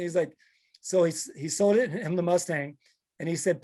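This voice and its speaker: A man's voice: high-pitched, moderate pace. A man hosting a casual chat show, telling stories and acting out the people in them. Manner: animated storyteller acting out quotes. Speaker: podcast host.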